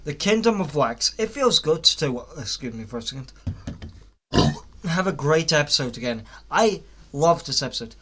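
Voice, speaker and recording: A man's voice: on the high side, expressive, a bit bright, a little hiss or hum. Rambling young man reviewing cartoons. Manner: rambling, halting, lots of fillers and restarts, blunt swearing. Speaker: vlogger reviewing a cartoon series. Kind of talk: casual spoken review.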